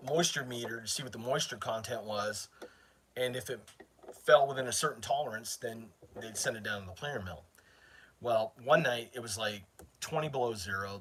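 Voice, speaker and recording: Speaking at a medium pitch with a slightly bright tone and a little background noise, a middle-aged man from northern Maine hosts his channel. He rambles through a long story for his live chat viewers, chatting away and cutting himself off.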